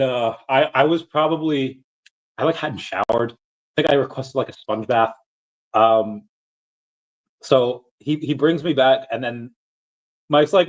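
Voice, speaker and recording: A man's voice: mid-range voice, muffled recording. A man in his thirties telling a rambling personal story on a casual livestream, full of fillers and acted-out quotes. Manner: rambling, animated anecdotes, acts out quotes, frequent fillers. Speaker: streamer.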